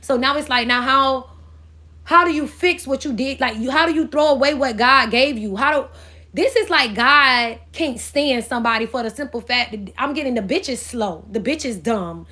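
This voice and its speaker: At a normal pace, a woman speaks in a high-pitched, bright, forceful voice. The spiritual reader delivers a casual astrology reading that rambles and curses bluntly, as if she were channeling spirits.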